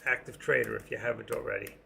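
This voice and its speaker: A man's voice: fairly low pitch, fairly even intonation, fast talker, gravelly, bright, forceful tone, a little hiss or hum. A man hosting a casual live stream, rambling and joking as he talks to his viewers by name. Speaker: live stream host and room moderator.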